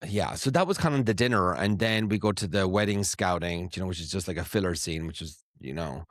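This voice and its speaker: A man's voice: sits low, animated, a little fast, no room sound, studio quality. A man co-hosting a podcast, chatting casually and gossiping, swearing freely and acting out what others said. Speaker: podcast co-host. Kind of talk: casual chat.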